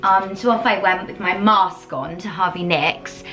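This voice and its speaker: An English woman chatting casually in a vlog, gushing and full of fillers, and cooing at her dog in a high baby voice. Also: a little slow, fairly bright tone, faint music behind. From England. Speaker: vlogger.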